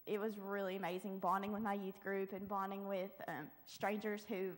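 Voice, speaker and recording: A woman's voice: mid-range voice, level tone, normal speed. A teenage girl sharing a personal testimony in church, chatty, quoting herself with "I was like". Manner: chatty, lots of "I was like" quotes. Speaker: youth group member giving testimony. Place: church sanctuary. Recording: long church hall reverb.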